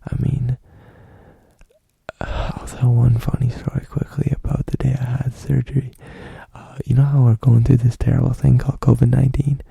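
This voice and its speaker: A man's voice: medium pitch, little pitch movement, normal speed, vocal fry, husky, no room sound, lo-fi sound. A young adult man telling a long, rambling story in a loose, profane, casual way, full of fillers. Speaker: podcast host.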